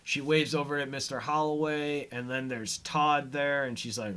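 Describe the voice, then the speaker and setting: A man's voice: mid-range voice, fairly even intonation, pushed and bright, clean tone. A man hosts a loose recap podcast in his ordinary mid-range voice. He rambles through the episode with plenty of ums and likes, chuckles now and then, and slips into brief throwaway voices whenever he quotes a character. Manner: rambling, filler-heavy, chuckling as he retells scenes; acts out characters' lines in quick offhand voices. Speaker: podcast host. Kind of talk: casual episode recap commentary.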